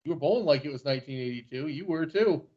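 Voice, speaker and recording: A man's voice: fairly high pitch, lively intonation, fast, highs cut off. A man co-hosting a podcast, teasing the others with dry humor. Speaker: podcast co-host. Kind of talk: casual banter.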